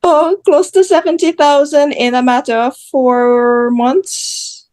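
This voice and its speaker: A woman from Jamaica, a social media creator, speaking candidly as a guest in an interview and telling her story in a blunt, animated way. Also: sits high, slow pace. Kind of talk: conversational interview.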